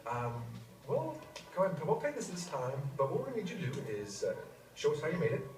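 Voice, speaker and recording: An actor playing a restaurant diner who haggles over the bill in a hesitant, fumbling way. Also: male voice, fairly high pitch, huge pitch swings, quick pace, darkish tone. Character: bargaining male restaurant diner, chuckling. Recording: distant echoey playback with music behind.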